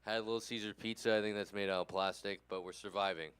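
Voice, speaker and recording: A man's voice: lowish voice, steady tone, quick pace, a bit bright, clean tone, no echo. A tired, tipsy man from California doing a rambling, crude, self-deprecating stand-up set. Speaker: stand-up comedian.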